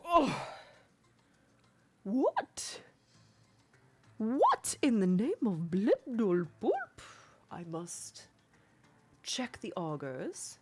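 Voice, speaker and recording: Woman voicing a fussy fish-folk healer for a tabletop game: high and flustered, pompous, wildly swinging pitch. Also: sing-song, a little slow. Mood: fretful.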